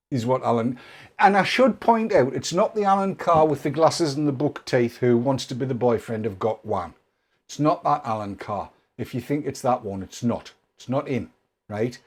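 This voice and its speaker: A man's voice: medium pitch, a little mellow, slightly rough. A man hosting a casual chat, telling rambling jokey stories with many restarts. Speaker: host.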